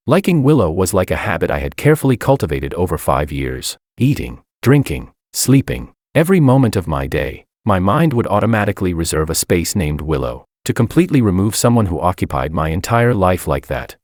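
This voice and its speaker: A man narrates a first-person story with an even, wry delivery. His voice is deep yet moves in a lively way, recorded close and dry. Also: a little fast, hardly any pauses, dry recording.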